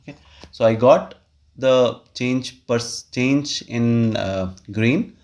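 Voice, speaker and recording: A man's voice: mid-range voice, takes it slowly, a little mellow. A man, explaining a spreadsheet tutorial step by step with frequent okays and uh fillers. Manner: step-by-step, explains while clicking, frequent "okay" and "uh". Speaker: tutorial host. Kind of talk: screen-recorded software tutorial.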